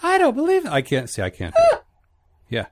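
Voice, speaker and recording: A man's voice: sits high, wildly swooping pitch, fairly quick. A man hosting a podcast in casual, rambling chat. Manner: rambling, laughing. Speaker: podcast host.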